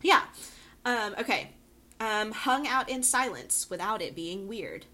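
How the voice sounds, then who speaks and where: A woman co-hosting a podcast in casual chat, laughing often and filling pauses with ums. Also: mid-range voice, animated, bright, forceful tone. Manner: giggly, lots of ums and laughs. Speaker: podcast co-host.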